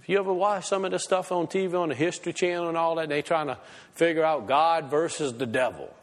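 A man preaching a sermon, swinging from fired-up, high exclamations to low, quiet asides. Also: quick pace. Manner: impassioned, swings from shouting highs to low asides. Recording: long hall reverb.

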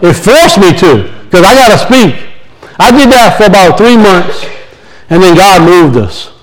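A man's voice: sits high, big pitch swings, unhurried, poor audio. A man, preaching a sermon in a folksy storytelling way and acting out the voices in his stories. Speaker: pastor.

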